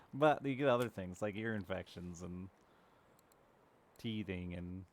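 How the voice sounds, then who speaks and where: Gravelly-voiced man chatting candidly. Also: low-pitched, slow. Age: 30s. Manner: candid, swears casually, rambling; chats with live viewers. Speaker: streamer. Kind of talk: casual chat while gaming.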